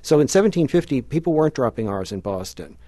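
Measured male professor. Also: medium pitch, very animated, mellow, no echo. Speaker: linguistics professor guest. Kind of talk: explanatory interview talk.

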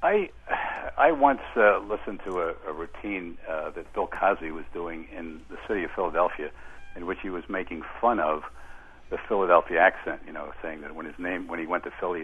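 A man's voice: deep voice, husky. A man calling in to a radio show, telling a rambling story. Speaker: caller. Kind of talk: call-in radio talk show. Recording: telephone line.

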